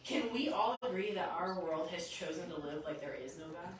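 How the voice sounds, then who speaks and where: A woman preaching a sermon in a lively storytelling way, acting out the voices in her stories. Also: fairly low pitch, normal speed, slight background noise. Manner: lively storytelling, acts out quotes. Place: church sanctuary. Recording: echoey church hall from a distance.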